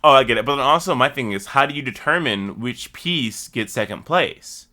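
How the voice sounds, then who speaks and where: Animated, bright-voiced man swearing casually. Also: mid-range voice, normal speed. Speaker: podcast co-host. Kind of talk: casual gaming chat.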